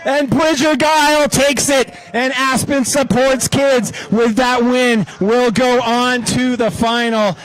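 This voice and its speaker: A man calling a head-to-head ski race live, building excitement as the racers close in. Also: very high-pitched, slow pace, hardly any pauses, low-quality recording. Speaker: sports commentator.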